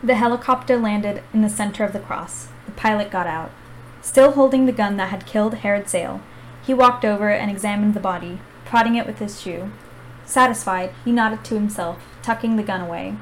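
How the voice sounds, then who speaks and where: Give me an excitable young woman hosting a book podcast. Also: mid-range voice, brisk, a little hiss or hum, rough recording. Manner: excited, chatty, lots of "like". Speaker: podcast host. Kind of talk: casual chat and reading aloud.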